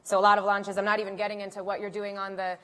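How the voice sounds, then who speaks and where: A woman's voice: mid-range voice, completely flat delivery, rapid-fire, pushed and bright. A woman hosting an onstage conference interview, chatty and upbeat, with frequent "um" fillers. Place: conference stage.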